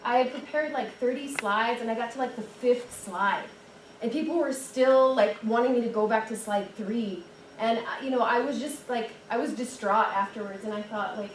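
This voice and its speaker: A young woman giving a chatty, animated storytelling talk at a dinner event, full of "like"s and restarts. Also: a little high, normal speed. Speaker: guest speaker and storyteller. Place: dinner event room, indoors. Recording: echoey room, distant mic, background noise.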